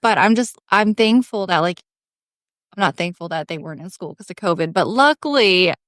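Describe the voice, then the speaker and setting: Animated woman storyteller, dry close mic. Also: lowish voice, normal speed, dry recording. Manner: animated storyteller, lots of "like" fillers. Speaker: podcast co-host. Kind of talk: casual chat, storytelling.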